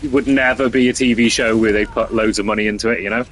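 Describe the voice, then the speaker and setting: A man's voice: fairly low pitch, fairly even intonation, fast talker, a bit bright, slight background noise. Rambling sweary man. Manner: rambling, sweary, filler-heavy. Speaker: streamer. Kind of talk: casual chat.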